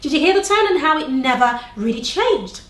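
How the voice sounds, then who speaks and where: A woman's voice: sits high, lively intonation, a little fast, fairly bright tone, roomy sound. A young adult woman teaching on-camera tips to the viewer, shifting her tone and pace on purpose and checking in with questions. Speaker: video presentation coach. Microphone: camera facing speaker.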